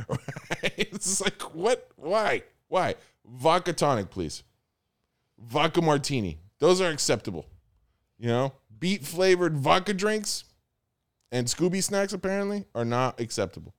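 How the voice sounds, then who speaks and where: A man's voice: fairly high pitch, big pitch swings, a little slow. A young man hosting a podcast in casual chat, rambling and swearing between laughs. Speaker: podcast host.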